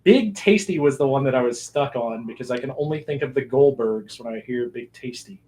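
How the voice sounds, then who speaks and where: A man's voice: medium pitch, expressive, a little fast, warm tone. A man hosting a casual movie commentary podcast, laughing often and rambling through asides. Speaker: podcast host.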